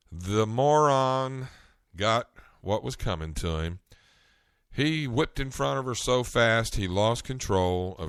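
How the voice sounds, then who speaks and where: A man's voice: lowish voice, a bit bright, clear, resonant tone, no echo, clean studio sound. A man from North Carolina with a Southern US accent, chatting casually and telling stories in a solo podcast monologue. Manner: chatty, storytelling, frequent restarts. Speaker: podcast host.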